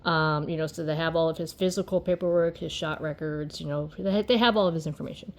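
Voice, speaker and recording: Rambling, low-voiced woman chatting. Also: steady tone, fast talker. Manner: rambling, full of "you know" and "um". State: tired. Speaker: vlogger. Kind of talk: casual chat while crocheting.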